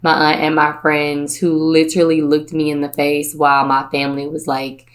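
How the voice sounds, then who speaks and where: A woman's voice: deep voice, completely flat delivery, moderate pace, few pauses. A woman from Virginia, hosting a podcast, telling a personal story in a playful, chatty way and putting on the voices of her relatives. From Virginia, USA. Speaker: podcast host.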